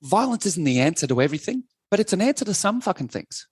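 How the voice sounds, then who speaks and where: A man in his fifties with an Australian accent, a podcast guest telling blunt, animated stories and swearing freely. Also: high-pitched, fast, husky, no echo. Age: 50s. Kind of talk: casual podcast chat.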